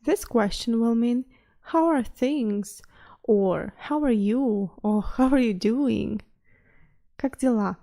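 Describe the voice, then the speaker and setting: A woman teaching a language lesson online, patiently pausing so the listener can repeat. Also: on the high side, warm tone.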